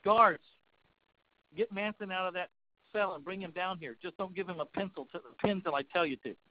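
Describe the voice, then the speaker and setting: A man putting on the voice of a gruff male prison warden giving orders, in dull lo-fi webinar audio. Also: sits high, a little fast, no room sound, natural voice. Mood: commanding.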